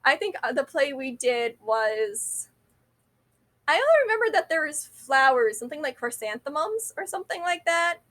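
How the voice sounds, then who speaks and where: A woman's voice: sits high, very animated, moderate pace, fairly bright tone. A young adult woman telling a rambling, self-deprecating story to camera, often correcting herself mid-sentence. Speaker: vlogger.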